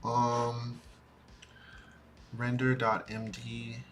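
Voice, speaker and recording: A man streaming a quiet coding study session, talking to himself in halting bits as he works. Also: medium pitch, completely flat delivery, a little hiss or hum. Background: soft music and keyboard typing.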